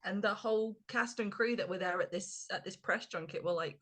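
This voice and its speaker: A woman's voice: medium pitch, brisk. A woman co-hosting a podcast, chatting casually, chiming in and laughing along with her guest. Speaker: podcast co-host. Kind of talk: casual chat.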